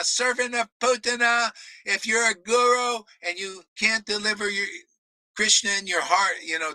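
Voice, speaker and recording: In a rough, dry recording, a spiritual teacher with a high, sharp voice rants through a blunt, combative sermon. He swears for emphasis and laughs between remarks.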